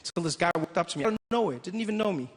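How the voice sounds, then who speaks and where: A young man from South Africa doing a stand-up comedy routine, an animated storyteller who breaks into loud impressions. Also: high voice, very fast, husky.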